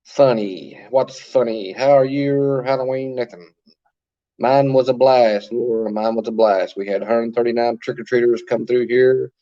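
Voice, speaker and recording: A man's voice: medium pitch, fairly even intonation, moderate pace, warm tone, highs cut off. A man hosting a casual livestream from his phone, chatting and greeting viewers by name as he answers their comments. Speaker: livestream host.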